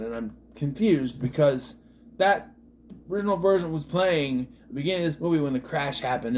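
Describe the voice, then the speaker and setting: Man, movie reviewer, casual rambling commentary, mid-pitched voice. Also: a little mellow, slight background noise. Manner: rambling, full of "you know" and restarts.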